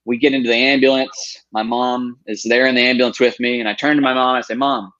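A man's voice: medium pitch, flat delivery, fast, bright, forceful tone. Earnest man in his thirties, muffled. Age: 30s. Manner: earnest and emphatic, quoting himself. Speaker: guest. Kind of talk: storytelling interview. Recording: dull lo-fi sound.

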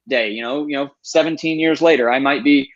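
An earnest man in his thirties tells his story as a guest, in a voice of middling pitch. He pushes his points with emphasis and often acts out his own past words. The sound is somewhat dull and lo-fi. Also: brisk. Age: 30s. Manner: earnest and emphatic, quoting himself. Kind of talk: storytelling interview.

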